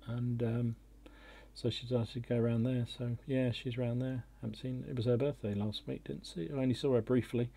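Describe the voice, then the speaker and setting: A man's voice: medium pitch, little pitch movement, fairly quick, creaky, dark tone. A middle-aged man hosting a casual chat podcast, rambling and self-deprecating with many restarts. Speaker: podcast host.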